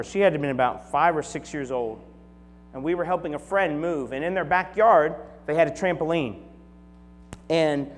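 Pastor with a slightly high voice in a reverberant hall. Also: male voice. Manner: conversational, moves from lively storytelling to soft, hushed prayerful tones. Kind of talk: sermon. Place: church sanctuary. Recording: long hall reverb with faint mains hum.

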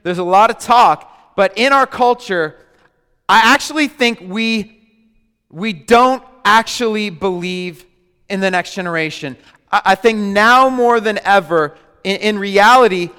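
A man preaching a sermon as a pastor, animated and joking with his congregation. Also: high-pitched, a little slow, clean tone. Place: large church hall. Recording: hall reverb.

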